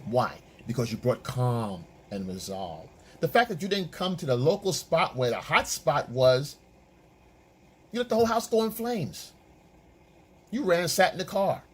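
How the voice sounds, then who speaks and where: A man's voice: on the high side, very animated, a little slow, husky. A man working as a dating and relationship coach, giving opinion commentary in an emphatic, repetitive, lecturing way.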